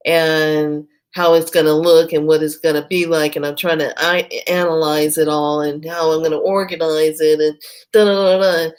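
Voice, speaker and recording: A woman giving a casual spiritual talk to camera, telling a story and quoting herself and others in lively bursts between slow, reflective stretches. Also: low-pitched, smooth. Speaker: spiritual vlogger.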